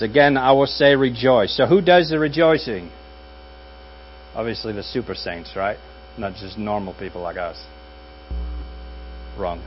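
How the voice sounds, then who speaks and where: Pastor, man, wry conversational sermon delivery, muffled take with light hum. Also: mid-range voice. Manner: conversational and wry, with dry jokes and pauses. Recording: dull audio with faint mains hum.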